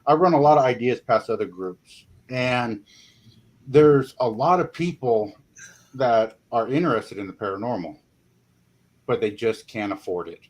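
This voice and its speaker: A man talking as a paranormal investigator guest in a casual interview, rambling and folksy, filling pauses with "you know". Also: mid-range voice.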